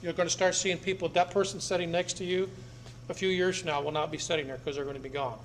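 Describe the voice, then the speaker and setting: Middle-aged male speaker, blunt and insistent, higher-pitched voice, echoey meeting room with faint noise. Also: fairly even intonation, quick pace. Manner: blunt, emphatic, repeats phrases for effect. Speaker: speaker addressing an audience. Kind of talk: public talk to a live audience. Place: meeting room with seated audience.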